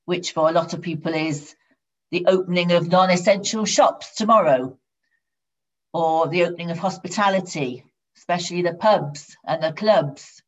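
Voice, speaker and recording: Woman preaching, lowish voice, steady storyteller, muffled lo-fi recording. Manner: storytelling with steady, measured repetition. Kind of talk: sermon. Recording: dull lo-fi sound.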